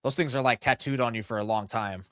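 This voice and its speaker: A man co-hosting a casual sports podcast, talking quickly and laughing often as he acts out quotes. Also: medium pitch, fairly bright tone, dry recording, clean studio sound. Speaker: podcast co-host.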